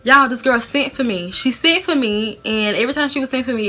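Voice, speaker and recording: A woman's voice: on the high side, animated, brisk, hardly any pauses, sharp tone, soft background music. A young woman vlogger telling a personal story to camera in a casual, chatty way, laughing now and then. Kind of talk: storytime vlog.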